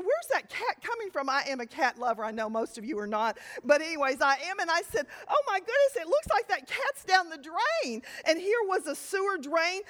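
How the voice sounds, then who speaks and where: A woman teaching a Bible sermon, telling stories with lively, sudden loud emphasis. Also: very high-pitched, long reverb tail. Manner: animated storytelling with sudden loud emphatic lines.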